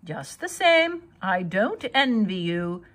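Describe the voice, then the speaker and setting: Woman doing a grim old storybook sheep, blunt and matter of fact, lively pitch. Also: slow pace, full character voice.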